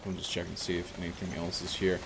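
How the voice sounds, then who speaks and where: Rambling male game streamer, lowish voice. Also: completely flat delivery, quick pace, slight background noise. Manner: rambling, self-correcting chat. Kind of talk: casual gameplay commentary.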